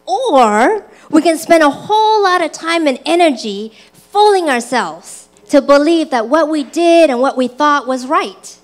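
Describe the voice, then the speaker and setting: A woman preaching a sermon in a church, slow and deliberate, who acts out her own excited and angry voice in personal stories. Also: sits high.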